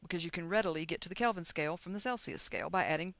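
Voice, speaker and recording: A woman's voice: lowish voice, very fast, gravelly, fairly bright tone, dry recording. A middle-aged woman from the United States teaching chemistry in a recorded lecture, chatty and encouraging as she talks through calculations aloud.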